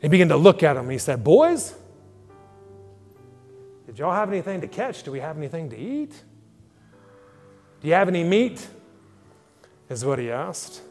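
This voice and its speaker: A man's voice: fairly high pitch, very animated, fast, few pauses. A male pastor preaching a sermon, dramatically acting out scripture dialogue. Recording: long hall reverb with faint music.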